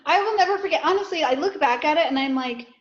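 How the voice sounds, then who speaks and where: Woman guest on a podcast telling her stories frankly, pitched a bit high, kinda dull lo-fi audio. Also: animated, fast talker. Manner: candid storytelling, self-deprecating. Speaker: guest author. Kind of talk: casual podcast conversation. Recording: dull, muffled sound.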